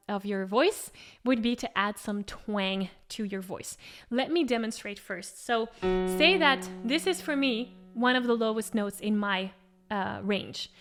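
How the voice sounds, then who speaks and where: A woman singing teacher giving an encouraging vocal lesson and demonstrating exercises. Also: on the high side.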